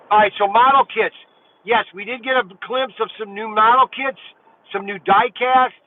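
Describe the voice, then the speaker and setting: Excitable host, high male voice, phone-like tinny audio, light hiss. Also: slow, pauses often. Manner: excitable storyteller, acts out dialogue. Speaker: livestream host. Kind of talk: casual livestream chat. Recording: tinny phone-like sound with faint noise.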